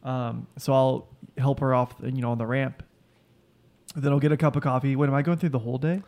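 A man's voice: medium pitch, steady tone, a little fast, a little mellow. A man visiting as a podcast guest, rambling through his routine in a jokey, casual way. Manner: rambling, jokey, does voices in stories. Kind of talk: casual family chat.

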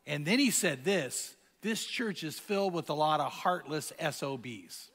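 Bright-voiced preacher man in a reverberant hall. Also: fairly high pitch, normal speed, hardly any pauses. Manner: lively storytelling preacher, rhetorical questions. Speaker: pastor. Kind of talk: sermon.

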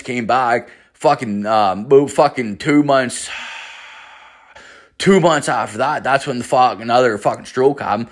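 A man's voice: mid-range voice, lightly acted. A man putting on a foul-mouthed working man with a Newfoundland accent who rambles and swears in every phrase. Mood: rambling.

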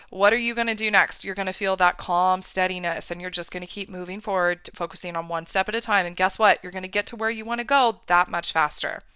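A woman's voice: medium pitch, pushed and bright, smooth, dry recording, clean studio sound. A woman coach giving an emphatic motivational talk, often checking in with "right?" and "okay". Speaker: mindset and business coach for women.

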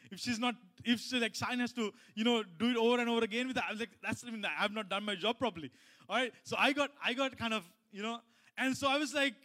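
A man's voice: high voice, a bit bright. A middle-aged man giving a sermon as a pastor, telling a personal story in a loose, conversational way with many restarts and asides.

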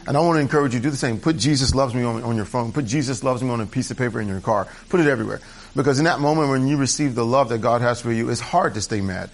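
Talking very fast in a medium-pitched voice, a man preaches at a church service as its pastor. His sermon is conversational, candid and chatty, wandering into asides as he restarts sentences.

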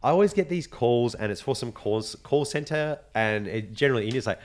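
A man co-hosting a podcast, chatting casually and telling animated stories, acting out the voices of people he quotes. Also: mid-range voice, quick pace, few pauses. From Australia. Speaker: podcast co-host. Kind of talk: casual chat.

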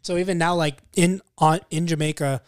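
A man's voice: fairly high pitch, fairly even intonation, brisk, smooth, dry recording, studio quality. A young man co-hosting a podcast, telling a rambling story in casual, profane chat. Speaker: podcast co-host.

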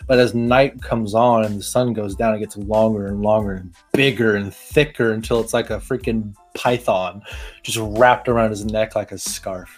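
Excitable young man rambling casually. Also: on the low side, normal speed, soft background music. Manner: rambling, filler-heavy, excitable. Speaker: tabletop game player. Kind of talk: casual chat.

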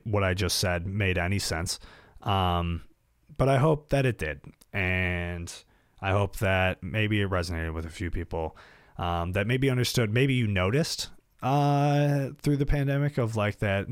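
A man's voice: low voice, no room sound, studio quality. A young man talking casually and reflectively to his audience, rambling with many fillers and restarts. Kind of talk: casual personal monologue.

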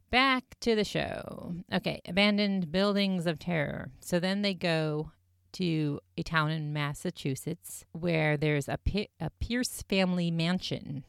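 A woman's voice: sits low, gravelly, clear, resonant tone, dry recording, studio quality. A woman casually recapping a ghost-hunting episode as a podcast host, chatty and full of fillers. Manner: chatty, filler-heavy retelling with frequent "like". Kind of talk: casual chat.

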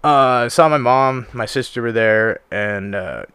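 A man's voice: mid-range voice, measured pace, fairly bright tone, smooth, no room sound. A young man casually telling stories on a podcast, laid-back and full of swearing and fillers. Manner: profane, laid-back storytelling with lots of fillers. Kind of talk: casual chat.

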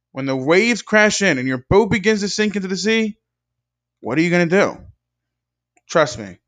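A young man giving a scripted devotional talk with an earnest, measured preaching cadence. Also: fairly high pitch, a bit bright. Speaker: speaker in a devotional video.

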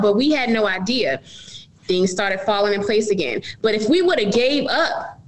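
A woman's voice: mid-range voice, animated, normal speed, low-quality recording. Earnest woman telling her business story. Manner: earnest, addresses listeners as y'all. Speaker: business owner, guest. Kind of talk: candid interview storytelling.

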